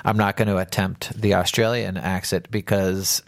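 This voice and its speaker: A man's voice: sits low, level tone, moderate pace, gravelly, no echo, clean studio sound. A man co-hosting a podcast in casual chat, joking and rambling, often trailing off mid-thought. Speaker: podcast co-host. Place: studio.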